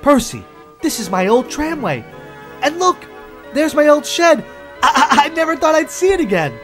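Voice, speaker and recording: A man voicing an eager, humble little old male tram engine, excitable and breathless, over background music. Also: a little high, a little fast, pitched above the performer's own voice.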